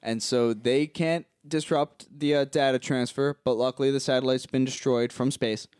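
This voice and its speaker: A man co-hosting a podcast, retelling film scenes in an animated, casual way and laughing as he goes. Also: mid-range voice, normal speed, clean tone, no echo, studio quality. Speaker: podcast co-host. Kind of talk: casual film recap chat.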